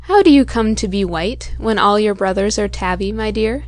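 A woman voicing a gentle, literal-minded little girl who questions her kitten earnestly in a storybook reading. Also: medium pitch, moderate pace, lightly acted.

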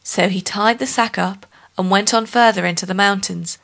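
A woman reading a folk tale aloud as a steady, expressive storyteller. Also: medium pitch, normal speed, creaky.

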